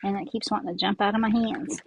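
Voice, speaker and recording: Speaking at medium pitch with fairly even intonation and a fast pace, this Southern woman hosts a casual craft tutorial, rambling while her hands stay busy. She's a bit congested from her sinuses. Her earbud mic gives poor audio with a little hiss or hum.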